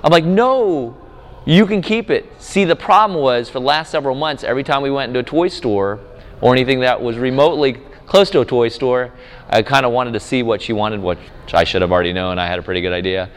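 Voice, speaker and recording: A man, preaching at a conference, telling a family story with lively acted voices. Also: medium pitch, quick pace, clean tone. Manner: animated storyteller, acts out his small daughter's voice. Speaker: conference speaker and campus minister. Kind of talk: sermon with storytelling. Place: conference hall. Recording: echoey hall with long reverb.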